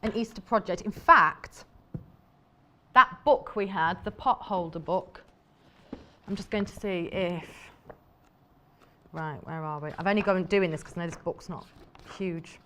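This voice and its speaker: A woman's voice: on the low side, unhurried, long pauses, fairly bright tone, a little hiss or hum. Lady on a shopping channel, chatty and rambly, gushing over fabrics in a tv studio. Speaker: shopping TV presenter. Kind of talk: live shopping-channel demonstration.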